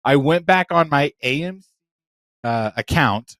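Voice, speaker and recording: A man co-hosting a podcast in casual chat, animated and swearing, quick to play defensive. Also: fairly high pitch, no room sound. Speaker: podcast co-host.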